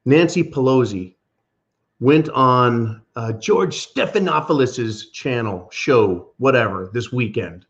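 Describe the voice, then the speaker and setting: Male host, mocking political rant, emphatic and sarcastic, average pitch, somewhat dull recording. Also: lively intonation, takes it slowly. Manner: sarcastic, mocking, emphatic, calls listeners "folks". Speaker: host of a preparedness channel. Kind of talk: ranting political commentary.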